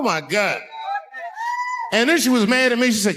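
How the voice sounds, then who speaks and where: A man doing stand-up storytelling, animated and profane, swinging between loud bursts and hushed asides. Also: high voice, moderate pace, pauses often, poor audio. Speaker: stand-up comedian.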